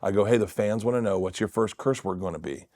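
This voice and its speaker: A middle-aged man, a comedian guest, telling animated family stories in casual chat and acting out quotes with cursing. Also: lowish voice, quick pace, no room sound, studio quality. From Florida.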